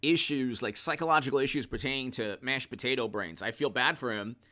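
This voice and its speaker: A man's voice: medium pitch, fairly quick, sharp tone. A man hosting a casual livestream of political commentary, jokey and laughing as he thanks viewers by name.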